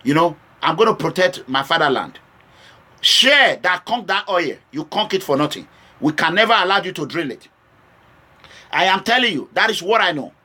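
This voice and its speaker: A Nigerian man with a high voice addresses his audience directly. His talk is impassioned and switches between stern warnings and urgent pleading. His tone is bright and forceful. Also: lively intonation, moderate pace. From Edo State, Nigeria. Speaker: political vlogger. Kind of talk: direct-to-camera political address.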